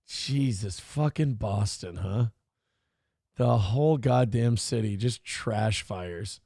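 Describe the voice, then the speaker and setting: A man's voice: lowish voice, slow pace, gravelly, dark tone, no room sound, studio quality. A man from Minnesota hosting a morning show, reading live chat aloud and riffing on it with crude, irreverent commentary. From Minnesota, USA.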